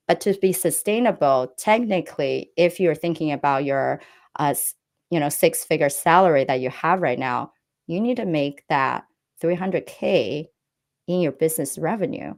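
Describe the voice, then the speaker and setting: A woman's voice: deep voice, lively intonation, normal speed, a little mellow. A woman giving earnest business advice as an interview guest, often checking in with "right?". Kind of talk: interview answers.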